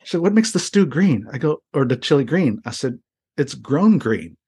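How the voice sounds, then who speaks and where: Husky-voiced man telling a story. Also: on the high side, expressive, brisk, warm tone. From United States. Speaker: interview guest. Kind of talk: casual storytelling.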